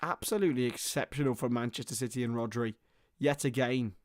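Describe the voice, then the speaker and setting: A man's voice: medium pitch, a little fast, no room sound, clean studio sound. A man hosting a football watchalong stream, calling live play-by-play and chatting with his viewers. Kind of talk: live football commentary and chat.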